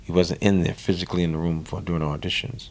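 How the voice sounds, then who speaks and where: Deep gravelly New Orleans man telling stories. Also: quick pace. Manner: animated storyteller, repeats words, acts out quoted voices. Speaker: guest musician. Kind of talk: storytelling interview.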